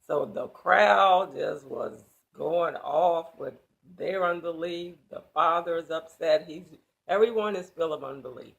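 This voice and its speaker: A woman's voice: on the low side, measured pace, gravelly. A woman teaching a Bible passage in sermon style, emphatic and loose, with casual asides.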